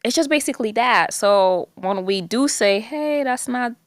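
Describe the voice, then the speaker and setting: Lively woman chatting as a podcast guest. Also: a little high, unhurried, dry recording, studio quality. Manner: animated, laughs often, slips in French. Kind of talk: casual chat.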